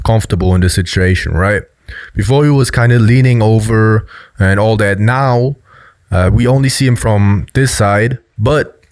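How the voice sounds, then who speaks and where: A man gives a casual, explanatory commentary on body language, loose and full of fillers. His low voice sounds dry and close to the microphone. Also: dry recording.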